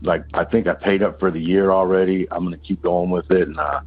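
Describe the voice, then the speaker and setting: A deep-voiced man tells a long personal story as a caller, stumbling through restarts and fillers. His voice is husky and low. The recording is muffled and lo-fi, with faint music behind him. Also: steady tone. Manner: rambling, halting, many restarts and fillers. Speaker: caller telling a ghost story. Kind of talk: casual phone-in storytelling.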